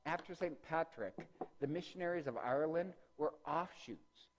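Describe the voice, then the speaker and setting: A man's voice: a little high, normal speed. Man giving a rambling church-history talk. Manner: rambling, many ums and self-corrections; conversational with jokes. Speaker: parish religious-education teacher. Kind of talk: informal lecture with slides.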